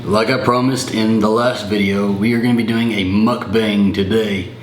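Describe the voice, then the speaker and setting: A young man talking casually to his camera at home, in a fairly low voice. His words ring around an echoey room, over a faint hiss. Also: fairly even intonation, normal speed. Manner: chatty, laughs often, reads a sponsor spot. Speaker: vlogger. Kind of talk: casual vlog chat.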